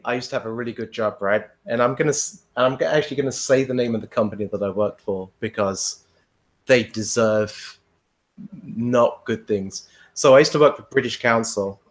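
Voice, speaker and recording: A man in casual podcast chat, telling a long rambling story, swearing freely and laughing often. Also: on the low side. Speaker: podcast guest.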